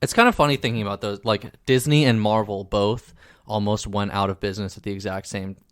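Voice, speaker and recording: A man's voice: lowish voice, fairly even intonation, a little fast, smooth, no room sound. Dry-sounding man rambling through movie chat. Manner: rambling, joking, trails into asides. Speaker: co-host of movie reaction commentary. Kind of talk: casual movie commentary chat.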